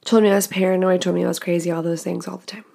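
Young female podcast host, casual confessional storyteller, lower-pitched voice, frank and expressive. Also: rapid-fire, vocal fry. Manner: candid, expressive, swears freely.

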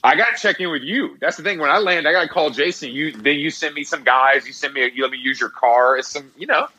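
A man's voice: a little high, fast talker, pushed and bright, breathy edge, low-quality recording. A young man co-hosting a podcast in casual chat, laid-back and slangy with lots of fillers. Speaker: podcast co-host.

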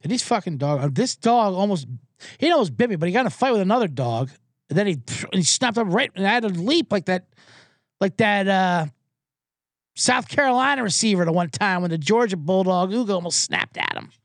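A male sports host rambles through a casual solo monologue, cursing freely. His pitch swings widely as he talks. The sound is close and dry, with no room echo. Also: a little fast. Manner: rambling and profane, with animated impressions.

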